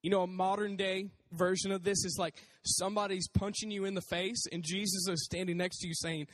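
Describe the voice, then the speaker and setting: A man preaching a casual sermon in a conversational, animated way, acting out voices as he talks. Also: high-pitched, brisk, hardly any pauses, big-room sound.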